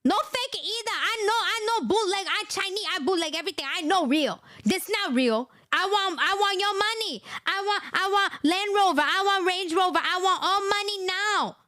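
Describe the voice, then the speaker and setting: A woman's voice: very high-pitched, animated, quick pace, hardly any pauses, pushed and bright, heavily acted. A woman voicing a greedy, demanding woman who barks clipped demands in broken English.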